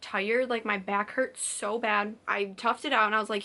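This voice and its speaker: A woman's voice: on the high side, steady tone, fast, few pauses, bright, forceful tone. A young woman vlogger telling a story casually to camera, chatty and full of "like," acting out what people said. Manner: chatty, says "like" constantly, acts out quotes.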